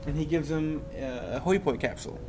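A man hosting a casual chat podcast, his voice sitting a little high for a man. He talks in an animated way and laughs often. Music plays clearly behind him. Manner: animated, laughs a lot, acts out characters in quick voices. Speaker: podcast host.

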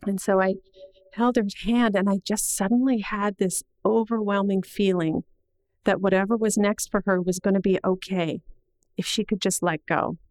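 A middle-aged woman telling a personal story to an audience in an earnest, measured way, slowing down at the heavy moments. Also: mid-range voice, steady tone, darkish tone, no echo, rough recording.

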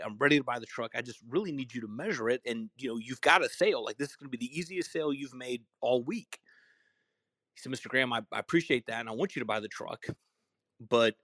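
A man's voice: medium pitch, fairly bright tone, no room sound. A man telling a casual anecdote, acting out both sides of phone calls with many restarts and repeated words. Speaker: speaker telling a customer-service story.

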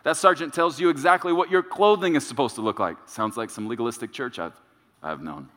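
A male pastor preaches in a mid-range voice and drives his points home by repeating them. He leans on dramatic pauses. His words carry a long reverb, as in a large sanctuary. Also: medium pitch, fairly bright tone. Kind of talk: sermon.

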